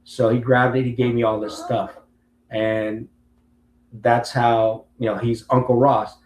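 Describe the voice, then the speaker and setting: A man's voice: mid-range voice, level tone, unhurried, a little mellow. Man, late fifties, veteran interview guest, rambling storyteller, reverberant room. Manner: long-winded storyteller who acts out other people's lines. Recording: roomy with faint background hum.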